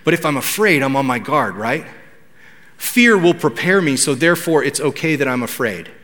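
A man's voice: mid-range voice, expressive, normal speed, a bit bright. A man preaching a sermon to his congregation in a conversational way, asking them questions. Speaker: pastor. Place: church hall. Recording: long hall reverb.

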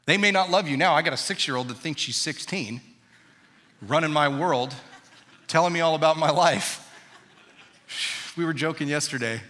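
His voice sits on the high side and sounds pushed and bright. He's a man in his thirties giving a sermon as pastor, chatting with and quizzing the congregation in a large auditorium whose reverberant acoustics carry through the recording.

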